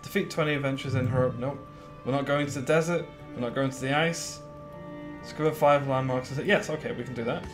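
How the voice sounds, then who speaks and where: A man in casual live-stream commentary, with a mid-pitched, conversational voice that rambles and is full of fillers as he thinks aloud. He answers his chat as he goes, and faint game music sits behind him. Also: a little fast.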